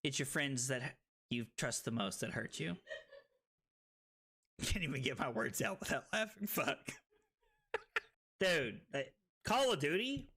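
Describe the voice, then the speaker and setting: A tipsy man streaming a card game, swearing, laughing and breaking into loud excited outbursts. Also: a little high, slow, long pauses, husky. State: tipsy from drinking. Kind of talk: casual livestream commentary.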